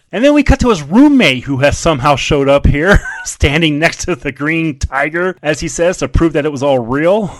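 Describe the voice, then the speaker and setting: A man's voice: a little high, expressive, normal speed, dry recording. A man hosting a casual podcast chat, recapping a film scene by scene and laughing often as he goes.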